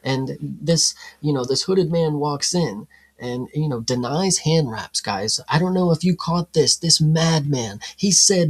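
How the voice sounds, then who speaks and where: Gravelly laid-back man chatting. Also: fairly high pitch, measured pace. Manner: laid-back, rambling with many "you know"s. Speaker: podcast co-host. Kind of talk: casual chat reviewing a film.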